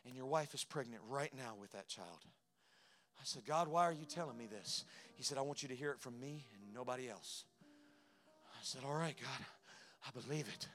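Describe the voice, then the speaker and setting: A man preaching a sermon as a pastor, telling a personal story that moves between hushed moments and loud, emphatic passages. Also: mid-range voice. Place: church sanctuary.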